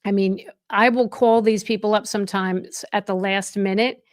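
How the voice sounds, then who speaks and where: A woman's voice: mid-range voice, steady tone, normal speed, dry recording, clean studio sound. Effusive middle-aged woman hosting a live stream. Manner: effusive and chatty, with frequent restarts. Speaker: real estate YouTuber and live stream host. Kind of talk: casual live stream chat.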